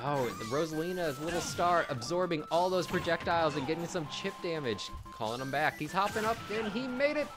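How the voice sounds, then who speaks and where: A man giving casual, excitable color commentary on a fighting game match. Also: on the high side, a little fast, hardly any pauses, over music. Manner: excitable, lots of oohs. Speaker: esports commentator.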